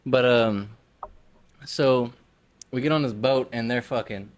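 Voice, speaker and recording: A man's voice: mid-range voice, fairly even intonation, slow pace. A man co-hosting a podcast, telling a long, rambling story in casual chat, full of fillers and swearing. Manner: rambling storyteller, heavy use of "like" and profanity. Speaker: podcast co-host.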